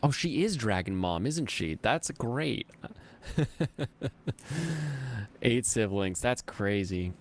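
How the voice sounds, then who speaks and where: A man hosting a casual livestream, chatting and reading viewer comments in a rambling, animated way, laughing often and jumping up high when excited. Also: slow, long pauses, slight background noise. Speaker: streamer host reading chat.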